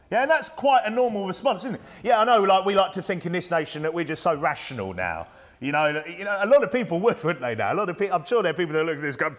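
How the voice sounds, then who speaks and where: Conversational preacher with a raised voice. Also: male voice, sits high, big pitch swings, quick pace, fairly bright tone. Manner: conversational, full of rhetorical questions and tag questions; reads aloud old-style scripture text. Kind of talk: Bible-study sermon.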